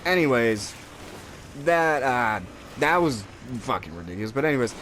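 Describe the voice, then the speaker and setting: A man's voice: mid-range voice, normal speed, slight background noise. A young man casually telling stories while playing a video game, swearing a lot and rambling. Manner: profane, rambling, animated storytelling with raised voices for quotes. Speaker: co-host of a gaming video. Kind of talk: casual storytelling while gaming.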